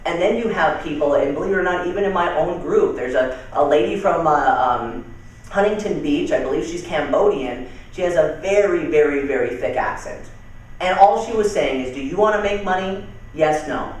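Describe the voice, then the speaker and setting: A young man giving casual, energetic sales training with stories, talking loosely and calling people dude and man, heard from far off in a very echoey room. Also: fairly high pitch, moderate pace. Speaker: network marketing trainer. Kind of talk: training talk with storytelling.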